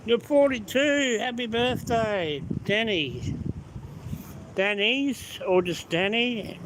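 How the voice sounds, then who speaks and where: A man with a high voice chats slowly from behind the wheel, greeting live viewers by name. Steady road noise hums under his voice inside the car. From Australia. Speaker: live-stream host. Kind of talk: casual live-stream chat while driving. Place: inside a car on city streets.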